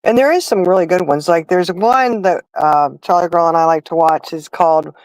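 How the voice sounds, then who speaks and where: A middle-aged woman hosts a casual livestream chat, rambling through stories and talking straight to her viewers. Her voice sits on the low side and the sound is dry, with no room around it. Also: normal speed, no room sound, poor audio. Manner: chatty, storytelling, talks straight to the viewers. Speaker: livestream host.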